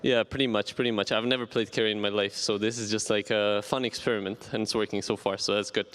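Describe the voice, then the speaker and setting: A man, a professional player, answering interview questions in a relaxed, joking way. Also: fairly low pitch, fast, clear, resonant tone. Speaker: pro player. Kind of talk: on-stage interview.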